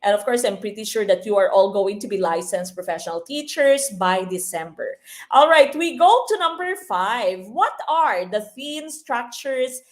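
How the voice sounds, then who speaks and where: A woman with a Filipino accent giving a live online exam review lesson. She mixes English and Tagalog, often ends lines with tag questions and reads out viewer comments. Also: medium pitch. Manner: lively, drawn-out emphasis, frequent tag questions.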